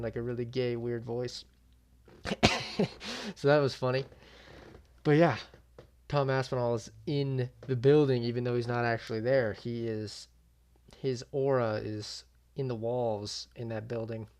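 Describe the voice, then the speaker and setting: A man's voice: mid-range voice, darkish tone. A young man giving casual, slangy reaction commentary, swearing freely and often trailing off mid-thought. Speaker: YouTube MMA commentator.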